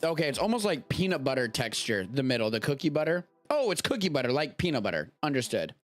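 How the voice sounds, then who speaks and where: This host talks quickly in a medium-pitched voice with big swings in pitch, rambling through a casual live stream from his home studio as he tastes food and swears offhandedly now and then. Faint music sits behind him.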